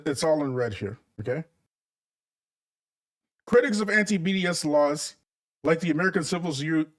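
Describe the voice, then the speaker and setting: High-voiced sarcastic male commentator. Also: distant mic. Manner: sarcastic, mocking, conversational. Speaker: political commentator. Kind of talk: commentary stream to viewers.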